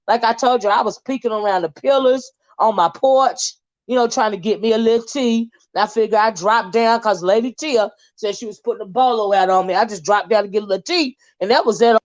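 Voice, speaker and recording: A woman's voice: a little high, fairly quick, lo-fi sound. A woman hosting a casual gossip livestream, chatty and drawling. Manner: chatty, drawling, calls viewers child and honey. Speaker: livestream host.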